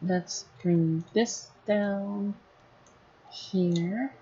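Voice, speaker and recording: A woman running a casual live software tutorial, thinking aloud as she works. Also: mid-range voice, very slow, husky, highs cut off. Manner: thinking aloud while working, casual and chatty. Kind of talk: live screen-recorded tutorial.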